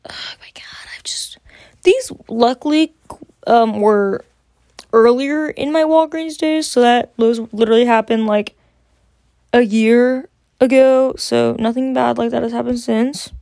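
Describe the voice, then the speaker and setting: A woman's voice: a little high, measured pace, vocal fry, no room sound, clean studio sound. Profane, rambling young woman storyteller. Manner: profane, rambling, animated anecdotes. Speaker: podcast host. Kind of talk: casual storytelling.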